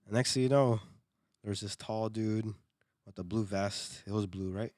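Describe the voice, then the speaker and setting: A man's voice: on the low side, steady tone, normal speed, darkish tone, no room sound, clean studio sound. A young man co-hosting a podcast, telling a story in a loose, casual way, laughing often, swearing and repeating himself. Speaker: podcast co-host.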